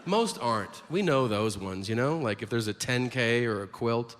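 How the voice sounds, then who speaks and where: A male stand-up comedian performing a live set on a theater stage, animated, sarcastic and profane. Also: mid-range voice, normal speed. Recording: live stage in a reverberant hall with audience noise.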